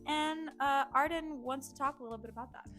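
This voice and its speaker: A woman's voice: high-pitched, brisk, loud music behind the voice. A young woman hosting a casual podcast chat, asking a friend questions. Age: young adult. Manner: chatty, interviewing a friend.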